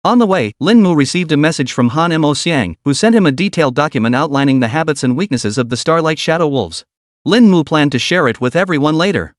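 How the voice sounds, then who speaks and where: A man narrates a fantasy comic story in a scripted, storytelling way. His voice sits a little high and moves up and down a lot. The sound is dry and close. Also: animated, fairly quick, no echo.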